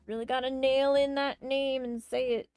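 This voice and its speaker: Woman gamer reading a visual novel aloud, playful asides, slightly high voice, faint music underneath. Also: level tone, moderate pace, a little mellow, clear, resonant tone, no echo. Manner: playful, joking asides between read lines. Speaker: game player.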